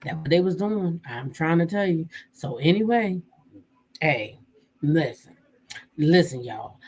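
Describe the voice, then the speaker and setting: Husky woman in a loose, salty chat. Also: measured pace. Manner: animated, acts out quotes with jumps in pitch, swears freely. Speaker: vlogger. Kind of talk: casual storytelling chat.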